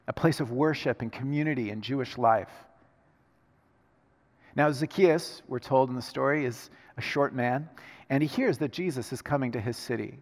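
A man preaching a sermon, moving between hushed, slow lines and loud, emphatic passages. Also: a little high. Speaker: pastor. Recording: reverberant hall sound.

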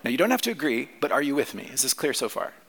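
A man's voice: mid-range voice, very animated, rapid-fire, gravelly, fairly bright tone, slightly rough. A man preaching a sermon, teaching through a scripture passage in a conversational way and often asking the listeners questions. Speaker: pastor.

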